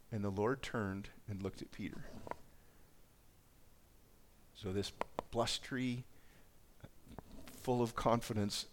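A man's voice: on the low side, slight background noise. A man preaching a sermon, reading scripture aloud and reflecting on it in a conversational way. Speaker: pastor.

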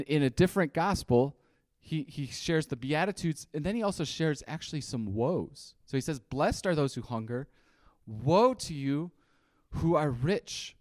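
A man's voice: fairly high pitch, darkish tone, no room sound. A man giving a conversational sermon, telling a personal story and often repeating and restarting his words. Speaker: preacher.

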